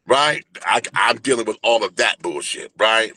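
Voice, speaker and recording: A man in his forties telling a personal story in an animated, flamboyant, profane way during a casual interview. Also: on the low side, normal speed, slightly rough, dry recording. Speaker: guest, entertainer and radio host.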